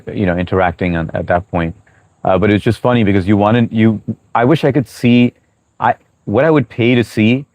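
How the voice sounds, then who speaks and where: Male streamer, lowish voice, chatty rambling delivery, dry close mic. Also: a little mellow, no echo, poor audio. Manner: rambling, chatty, many fillers and restarts. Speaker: livestream host reading chat. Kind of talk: casual live-stream chat.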